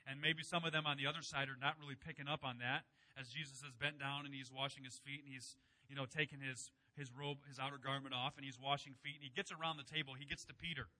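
A young adult man preaching a sermon in a conversational way, acting out quoted lines with sudden loud bursts. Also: mid-range voice, fairly even intonation, fast. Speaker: pastor.

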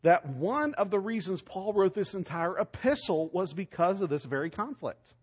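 A man preaching a sermon, emphatic, asking rhetorical questions and swinging between loud lines and soft ones. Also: high voice, expressive, normal speed, breathy edge. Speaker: pastor.

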